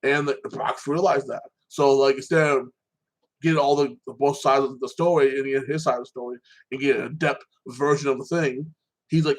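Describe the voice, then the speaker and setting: A man's voice: mid-range voice, fairly even intonation, normal speed, poor audio. Rambling man recapping a movie. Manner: rambling, full of fillers and restarts, swears freely. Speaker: vlogger. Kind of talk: casual movie recap monologue.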